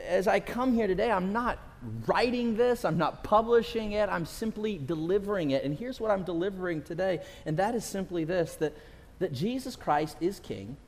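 A middle-aged pastor from California preaches with a somewhat high voice, building his points through stories and repeated phrases. His sermon rings out with the long reverb of a large hall. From California, USA. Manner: animated storytelling preacher, repeats phrases for emphasis.

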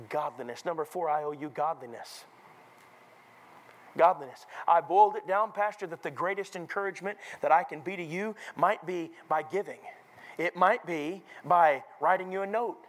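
A man preaching a revival sermon as a visiting preacher in a church, dramatic, acting out the voices he quotes, swinging from low murmurs to shouted peaks. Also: normal speed, poor audio. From North Carolina. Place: church sanctuary.

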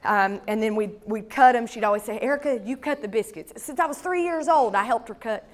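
A woman's voice: a little high, a little fast. A woman pastor, preaching a sermon through a personal story with folksy asides.

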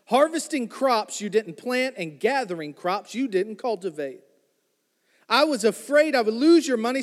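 A man's voice: very high voice, in a large hall. A man preaching a sermon, reading scripture and retelling it in a joking, conversational way, calling out to the congregation. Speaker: pastor.

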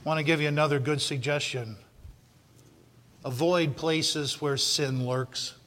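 Preacher guy, punchy bright voice, repeats stuff for emphasis, echoey hall sound. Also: steady tone, measured pace. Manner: preaching with emphatic repetition, swinging from loud shouts to low intensity. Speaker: pastor. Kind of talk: sermon.

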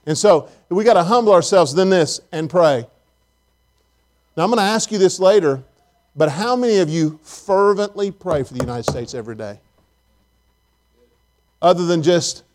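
A man's voice: on the high side, darkish tone. A man preaching a sermon in a church auditorium, emphatic, repeating phrases and putting questions to the congregation.

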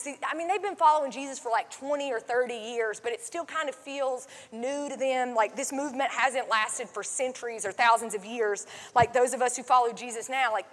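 A woman pastor delivers a sermon in a relaxed, conversational way, leaning on fillers and asides to her congregation. Her voice sits a little high. The sound carries a long, echoing reverb from the sanctuary. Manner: conversational, many fillers like "like" and "um", drops to a soft hush when quoting. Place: church sanctuary.

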